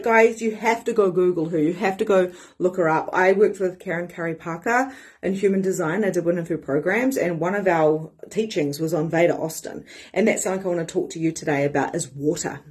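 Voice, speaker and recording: A woman, a life coach giving a lively live-streamed motivational talk. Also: medium pitch, breathy edge. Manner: animated and excitable, swears casually.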